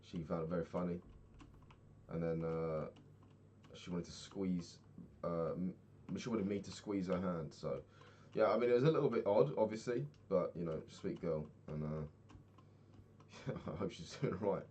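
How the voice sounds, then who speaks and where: A young man talks through his day in a loose, rambling video diary. He swears freely and laughs often. His voice sits very low, with faint typing and a slight hiss under it. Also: a little slow, dark tone. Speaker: vlogger. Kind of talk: casual video-diary chat while gaming.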